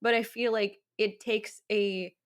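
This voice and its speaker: A woman's voice: mid-range voice, steady tone, measured pace. A woman co-hosting a film podcast, talking earnestly in casual chat. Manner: earnest, repeats "I really hope". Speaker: podcast co-host.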